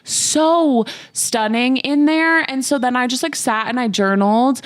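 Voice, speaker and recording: A woman in her twenties co-hosting a podcast, telling a travel story in casual chat, full of "like" and quick laughs. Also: sits high. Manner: chatty, fills with "like", laughs while telling stories. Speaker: podcast co-host.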